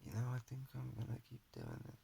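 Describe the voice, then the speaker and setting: A young man talking to a phone camera in his flat, giving a rambling, earnest personal monologue and pep talk. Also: medium pitch, quick pace, creaky, slight background noise. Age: young adult. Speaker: vlogger. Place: his flat at home, indoors. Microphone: phone camera held in front of face.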